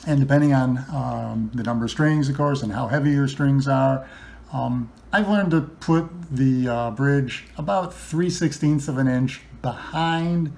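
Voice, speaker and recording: Chatty gravelly man explaining guitar setup. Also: mid-range voice. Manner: chatty, loose, many ums and restarts. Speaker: guitar builder demonstrating setup. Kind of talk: casual instructional talk.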